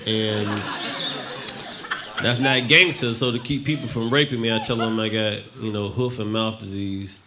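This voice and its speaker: Male stand-up comic, low voice, deadpan storyteller, live club audio with noise. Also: normal speed. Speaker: stand-up comedian. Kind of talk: stand-up comedy set. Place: comedy club stage. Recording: noisy live club recording.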